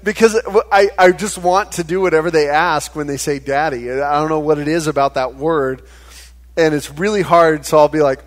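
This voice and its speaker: A man in his thirties preaching a sermon as pastor, conversational and animated, with frequent stammered restarts. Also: a little high, a little fast.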